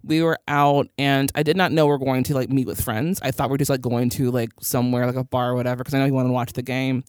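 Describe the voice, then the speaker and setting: A woman's voice: extremely low pitch, flat delivery, quick pace, a little mellow, no echo, studio quality. A young woman co-hosting a casual podcast, chatty and giggly as she recaps a TV episode. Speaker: podcast co-host.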